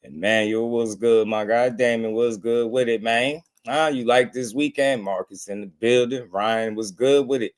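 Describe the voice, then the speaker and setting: A man's voice: medium pitch, normal speed, few pauses. Laughing New Jersey man hosting a livestream. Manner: laughs often, relaxed slangy banter. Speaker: boxing livestream host. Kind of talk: casual livestream chat.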